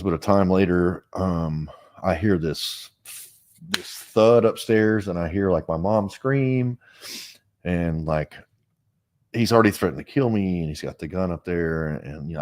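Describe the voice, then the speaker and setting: Low-voiced man telling his story frankly. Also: a little mellow. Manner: frank, earnest, rambling with frequent "like" and restarts. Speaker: interview guest, foundation director. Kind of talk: personal storytelling in an interview.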